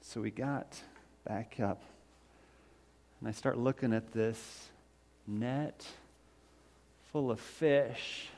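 A man preaching as he retells a gospel story in the first person, moving from excited calling out to hushed, slow confession. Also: mid-range voice.

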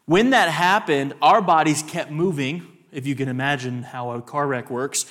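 Speaking as a guest at a church service, a young man with a West Texas twang and a slightly high-pitched voice shares lively personal stories, pausing now and then to put questions to the audience.

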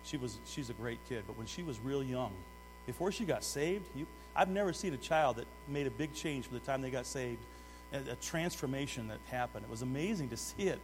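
A middle-aged man preaching a sermon, swinging between loud urgent exhortation and hushed asides while putting direct questions to the congregation. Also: medium pitch, expressive, brisk. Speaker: pastor. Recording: long hall reverb with mains hum.

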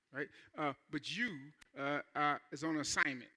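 High, bright-toned conversational preacher man. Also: normal speed. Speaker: pastor. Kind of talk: sermon.

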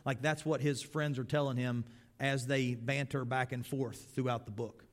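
A man preaching a sermon, reading scripture aloud with rising force and dropping quiet when he speaks to the listeners directly. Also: level tone, moderate pace. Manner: reads scripture louder and higher, drops quiet for personal appeals.

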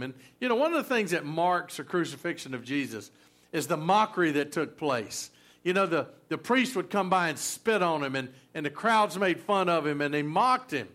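A man's voice: a little high, expressive, normal speed, fairly bright tone. Folksy preacher, man. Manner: conversational preaching with many fillers and restarts. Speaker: pastor. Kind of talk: sermon.

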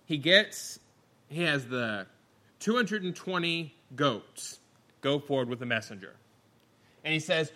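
A middle-aged man preaching a sermon, telling the scripture story with lively, acted-out voices and wide swings from loud to quiet. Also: on the high side, unhurried, pauses often.

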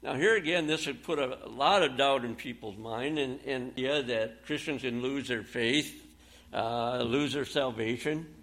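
Gravelly-voiced man preaching a sermon. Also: mid-range voice, unhurried, fairly bright tone.

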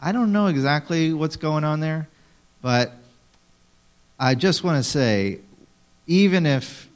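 Animated male preacher teaching a group. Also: on the high side, slow, clear, resonant tone. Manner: animated, acts out quotes dramatically, talks to audience members. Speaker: pastor. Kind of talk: sermon.

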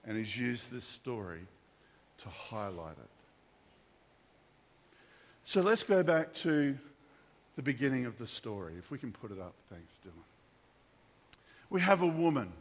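A man preaching a sermon, telling a story with animated character voices and frequent restarts. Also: medium pitch, unhurried, long pauses, long reverb tail. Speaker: pastor.

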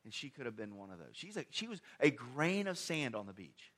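A man delivers a sermon in a conversational yet emphatic style, firing off rhetorical questions and alternating between loud, stressed phrases and quiet asides. His mid-range voice is very animated and a little fast.

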